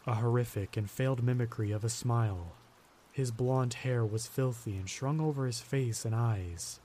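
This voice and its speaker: A man narrating a scripted horror story in a tense, measured way. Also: medium pitch, dark tone, slight background noise.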